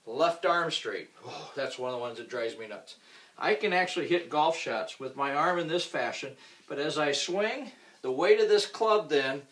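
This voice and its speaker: Joking casually, a man teaches golf, demonstrating swings and acting out typical mistakes. His voice is fairly high and a bit bright, and the instruction is recorded with a roomy sound from a distant mic.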